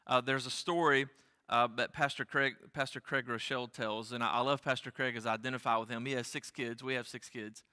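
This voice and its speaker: A man's voice: medium pitch, fairly even intonation, a little fast, bright, forceful tone, clean tone. A man preaching a sermon as pastor, speaking earnestly and repeating key phrases for emphasis. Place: church sanctuary. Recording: long church hall reverb.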